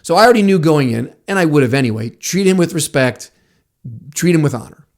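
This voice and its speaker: A podcast host who is also a martial arts instructor tells a personal story in a casual, animated way. His voice is a little high and a little fast, and he laughs often and acts out what people said.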